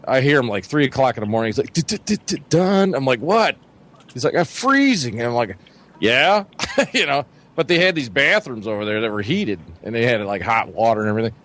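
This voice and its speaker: A man's voice: lowish voice, a bit bright. A man telling a long camping story in a casual, profane, rambling way, often acting out his friends' voices. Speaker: podcast co-host.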